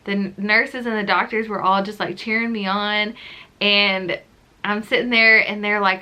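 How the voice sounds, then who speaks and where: A woman's voice: mid-range voice, fairly even intonation, moderate pace, bright, forceful tone. A young woman telling a personal story to her camera in a chatty, casual way, with many "like"s. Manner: chatty, says "like" often. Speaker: vlogger.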